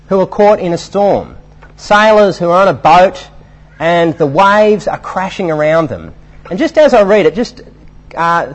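A man preaching a sermon in an animated, emphatic way, with fillers between his points. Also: high voice, slightly rough.

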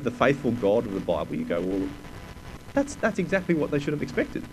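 A man's voice: medium pitch, a little hiss or hum, poor audio. A man preaching a sermon, reading scripture aloud with emphasis and putting rhetorical questions to his listeners.

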